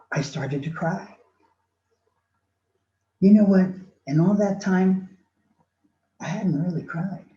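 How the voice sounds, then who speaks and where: An older woman telling a personal story dramatically, acting out voices and swinging between loud and soft. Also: low voice. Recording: roomy, dull sound.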